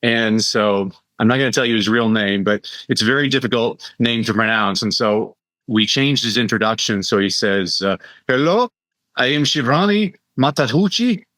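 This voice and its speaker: A middle-aged man, a guest educator and speaker, telling lively stories in a conversational podcast interview. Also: fairly low pitch, no room sound. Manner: animated storyteller, quick asides and impressions.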